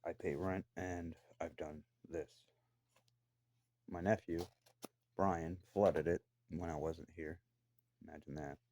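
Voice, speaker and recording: Deep-voiced man ranting angrily. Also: steady tone, slow, long pauses, a little mellow, dry recording. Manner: profane, accusatory, confrontational. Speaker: vlogger. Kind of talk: angry personal rant. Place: his own room downstairs in a house.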